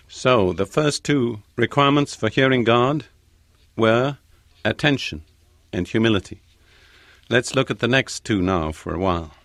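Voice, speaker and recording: A man preaching a sermon in a measured, deliberate way, repeating key phrases for emphasis. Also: fairly low pitch, fairly bright tone, no echo, studio quality.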